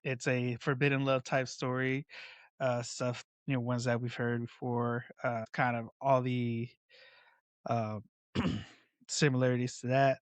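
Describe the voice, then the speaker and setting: A man's voice: medium pitch, level tone, unhurried, no room sound. A man hosting a casual podcast, talking in a laid-back, rambling way with lots of fillers. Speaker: podcast host.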